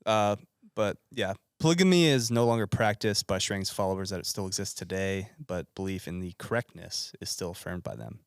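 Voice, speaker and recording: Smooth low-voiced man reading history notes. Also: a little fast, no echo, clean studio sound. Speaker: podcast host presenting the history. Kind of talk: casual podcast reading notes.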